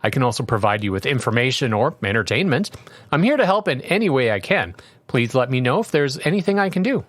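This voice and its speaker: In a comedic reading of chatbot replies, a fast-talking, sing-song, mid-range voice plays an overly polite AI that's cheerful yet unhelpful. It sounds eager and chipper, rambling through boilerplate helpfulness with no room sound.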